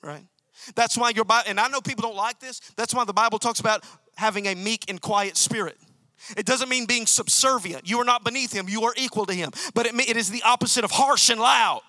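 Pastor guy preaching, high bright voice, keeps repeating himself for emphasis, dry close sound. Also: brisk, dry recording. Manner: emphatic, repeats key phrases, calls out to congregation. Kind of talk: sermon.

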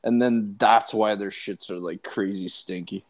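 A man's voice: on the low side, fairly even intonation, measured pace. Young man, podcast co-host, rambling, profane, joking tone. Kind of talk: crude casual chat.

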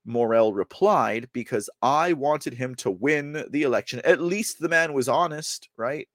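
A man's voice: medium pitch, unhurried, a bit bright, dry recording. A man hosting a podcast, giving casual political commentary, rambling with many fillers and reading news excerpts aloud. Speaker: podcast host.

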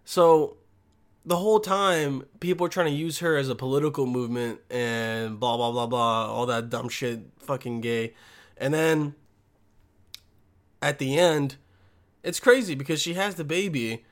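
A man's voice: medium pitch, a little slow. A man delivering a crude, profane monologue, rambling and losing his thread, blunt and combative.

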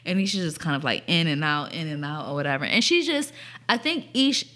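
A young woman co-hosting a podcast, telling a story in casual chat, animated and swearing, with lots of "like" fillers. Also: low voice, a little fast. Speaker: podcast co-host.

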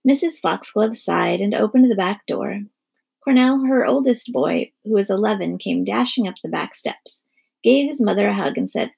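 A woman narrating a children's storybook in a lively storytelling manner. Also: mid-range voice, moderate pace, vocal fry, breathy edge.

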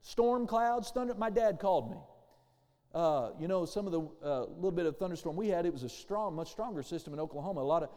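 A man's voice: sits high, lively intonation, brisk, darkish tone, in a large hall. A man pastor preaching a sermon, calling for amens and acting out the voices he quotes.

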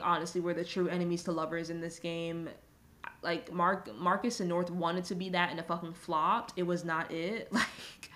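A young adult woman hosting a podcast, ranting casually about a video game, swearing freely and filling her talk with "like". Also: fairly low pitch. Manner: animated, swears freely, frequent "like" fillers. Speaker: podcast host.

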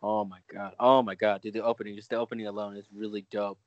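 Excitable rambling young man. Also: on the low side, fast, highs cut off, a little hiss or hum. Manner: excitable, rambling, heavy filler words. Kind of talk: casual chat.

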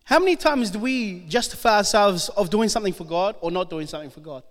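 A man's voice: high-pitched, expressive, quick pace. A man preaching a sermon, reading scripture aloud and acting out the figures' lines with animation. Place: church hall. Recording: long hall reverb.

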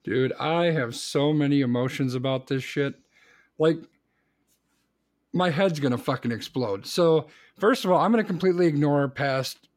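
A man co-hosting a casual talk podcast, swearing heavily and ranting hard. His voice sits a bit higher than most men's. The delivery is blunt and fired up. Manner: heavy swearing, ranting angrily. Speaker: podcast co-host. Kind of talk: casual chat.

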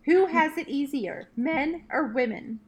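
A woman hosting a casual quick-fire question game with friends, brisk and playful as she reads out each question. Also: high-pitched, animated.

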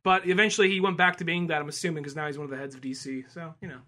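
A man's voice: fairly high pitch, steady tone, racing, sharp tone. A man co-hosting a podcast, talking in a laid-back, casual way, swearing and trailing off mid-sentence. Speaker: podcast co-host. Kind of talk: casual chat.

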